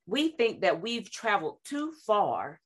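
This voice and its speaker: A woman, sharing devotional reflections and quoting scripture in a lively, conversational preaching way. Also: mid-range voice, unhurried, breathy edge. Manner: animated, quotes scripture, acts out voices. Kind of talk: faith talk, conversational preaching.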